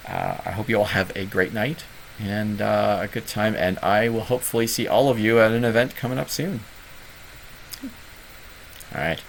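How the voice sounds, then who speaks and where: A man's voice: on the low side, normal speed, creaky, pauses often, a little hiss or hum, low-quality recording. A man with a Southern Ontario Canadian accent hosting casual online office hours, rambling and self-deprecating with many fillers. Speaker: host of a gaming club's online office hours. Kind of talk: casual livestream chat.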